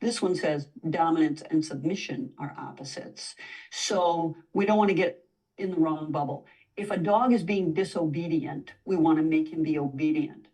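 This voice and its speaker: A woman's voice: deep voice, moderate pace, mellow, distant mic, rough recording. A woman dog trainer, a guest in a conversational interview, explaining at length and now and then acting out what a dog might say. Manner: explanatory, acts out dog voices in quotes.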